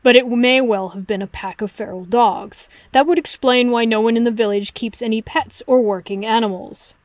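Arrogant male detective, crisp and dismissive, read by a woman narrator. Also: fairly high pitch, fairly even intonation, normal speed, no room sound, close to an everyday voice. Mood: lecturing. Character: brilliant arrogant male detective, cutting and theatrical. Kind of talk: audiobook reading of fan fiction.

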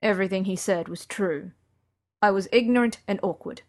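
A woman's voice: medium pitch, normal speed, darkish tone, natural voice. A woman reading an audiobook voices an aloof, proud young man in pain, with a dry, clipped manner. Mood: guarded.

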